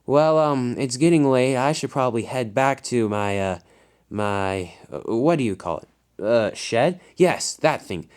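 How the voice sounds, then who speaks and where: A man voicing an eager, boastful young male tank engine, talking in a halting way full of filler words. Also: mid-range voice, animated, a little mellow, clear, resonant tone, lightly acted.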